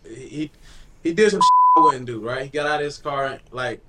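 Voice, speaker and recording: Teasing man with lively pitch. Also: a little fast, heavy background noise. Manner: teasing, laughing, expressive. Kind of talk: casual talk show banter.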